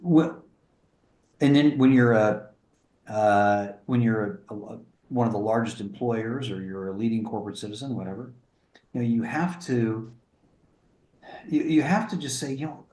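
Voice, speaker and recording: A man in his sixties, speaking as an interview guest over a video call in an earnest, sober, halting way. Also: lowish voice, darkish tone, roomy sound. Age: 60s. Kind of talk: interview conversation. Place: remote room in a small town.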